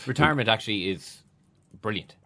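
Fast-talking Irish podcast co-host. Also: male voice, lowish voice, expressive, creaky, sharp tone, no echo. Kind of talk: casual football chat.

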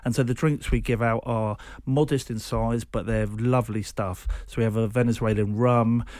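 A man's voice: medium pitch, fairly even intonation, normal speed, a little mellow, no echo, clean studio sound. A man guesting on a radio show, enthusiastically describing the drinks in his comedy act. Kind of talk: studio interview.

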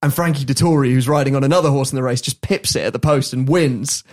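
A man, hosting a podcast and telling anecdotes in a lively, laughing way. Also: mid-range voice, quick pace. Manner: animated, laughs while telling stories. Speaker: podcast host. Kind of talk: storytelling in casual chat.

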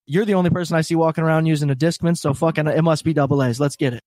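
A man co-hosting a comedy podcast in loose, profane banter, laughing as he goes. His voice sits a little high for a man. The sound is close and dry, with no room around it. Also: very fast, hardly any pauses, no room sound. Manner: animated, profane, laughs a lot. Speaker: podcast co-host. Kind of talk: casual comedy podcast chat.

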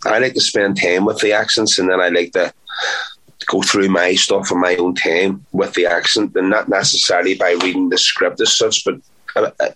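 A man with a fairly low voice talks casually in an interview as an actor. He is chatty and playful, and he often repeats words to stress a point. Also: flat delivery, normal speed, pushed and bright, rough recording.

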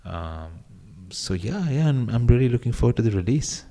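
A man from Mumbai, a film director answering interview questions in a measured way. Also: medium pitch, sing-song, warm tone. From India, Mumbai. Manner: measured, with frequent fillers and restarts.

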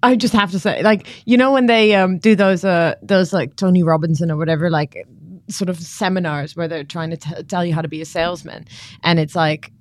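A woman's voice: fairly low pitch, steady tone, no echo. Chatty woman co-hosting a podcast. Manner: chatty, quick to agree, builds on jokes. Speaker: podcast co-host. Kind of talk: casual podcast chat.

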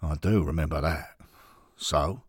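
A man's voice: very deep voice, measured pace, slightly rough, dry recording, clean studio sound, exaggerated voice. A man voicing a blunt, plain-spoken football fan in an audio story. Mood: concerned.

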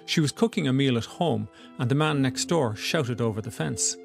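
A man narrating a documentary in a measured, scripted way. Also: medium pitch, gravelly, music in the background.

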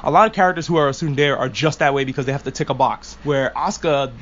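A man's voice: mid-range voice, fast talker, a bit bright, lo-fi sound, slight background noise. A man hosting a casual anime discussion podcast, rambling and swearing freely as an enthusiastic fan. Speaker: podcast host.

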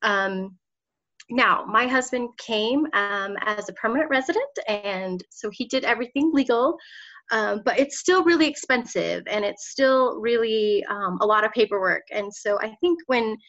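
A woman's voice: on the high side, lively intonation, normal speed, fairly bright tone. A woman in her thirties, a political candidate telling her story in an interview, passionate and emotional, often laughing as she talks. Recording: slightly dull lo-fi audio.

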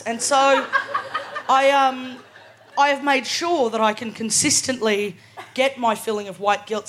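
A woman's voice: a little high, a bit bright, a little hiss or hum. A woman in her twenties with an Australian accent doing a live stand-up set, casual and cheeky, often tagging lines with "right?". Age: 20s. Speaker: stand-up comedian. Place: live comedy venue.

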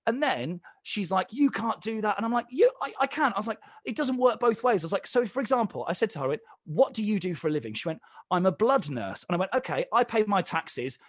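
A man's voice: high voice, fast talker, breathy edge, no echo, studio quality. A young man, a comedian and presenter, chatting as a podcast guest and telling stories with plenty of swearing and acted-out dialogue. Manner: animated, swearing, acts out both sides of dialogues. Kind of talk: casual storytelling chat.

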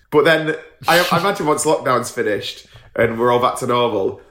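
A man telling stories in a casual podcast chat, animated, laughing often and acting out the voices of people he talks about. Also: mid-range voice, moderate pace, roomy sound. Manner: swears casually. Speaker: guest storyteller.

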